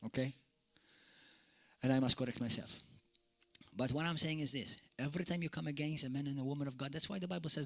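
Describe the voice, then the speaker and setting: A man from Malta preaching a fiery sermon as pastor, swinging from shouted peaks to sudden quiet drops. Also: fairly high pitch, brisk, vocal fry, long pauses. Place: church hall.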